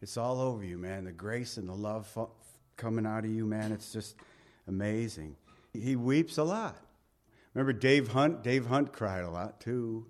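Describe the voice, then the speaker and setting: A middle-aged man, a pastor, preaching a conversational sermon that swings between loud emphatic lines and hushed, quiet asides. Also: fairly low pitch, normal speed.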